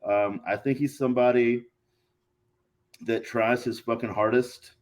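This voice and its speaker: A man, a guest on a casual podcast, telling stories in a profane, animated way and acting out quotes. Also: mid-range voice, measured pace. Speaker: guest, pro wrestler.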